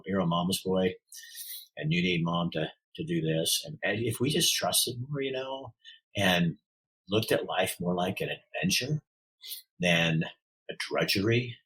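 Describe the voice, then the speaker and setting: A middle-aged man with a deep, notably husky voice opens up as a podcast guest. He tells a personal story from the heart. His sentences often stall and restart as he searches for words. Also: lively intonation, measured pace, a bit bright, rough recording.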